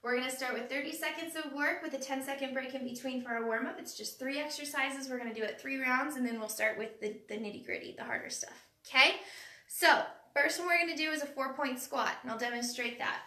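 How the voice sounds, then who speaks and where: Bright high-voiced lady fitness coach, a bit winded, echoey room, phone mic way across it. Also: fairly quick, distant mic. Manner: upbeat, cueing moves and counting down. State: out of breath. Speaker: fitness instructor. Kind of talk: live workout instruction. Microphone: phone camera from across the room.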